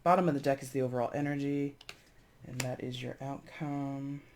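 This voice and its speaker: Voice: medium pitch, level tone, normal speed, a little mellow, a little hiss or hum. A tarot reader giving a casual reading to camera, chatty and rambling, often repeating and correcting themselves, with giggly asides.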